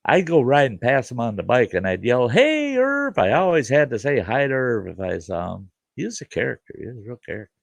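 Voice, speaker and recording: A man's voice: mid-range voice, expressive, fast talker, creaky, hardly any pauses, no room sound. A middle-aged man hosting a show and telling a rambling childhood story in a folksy, casual way. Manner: folksy, rambling, with fillers like "you know". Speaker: host and storyteller.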